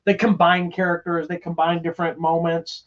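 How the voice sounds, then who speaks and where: High-voiced man raving about a movie. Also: little pitch movement, normal speed, a bit bright. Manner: enthusiastic, rambling with restarts and "you know". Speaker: podcast co-host reviewing movies. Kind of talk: casual chat. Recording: slightly dull lo-fi sound.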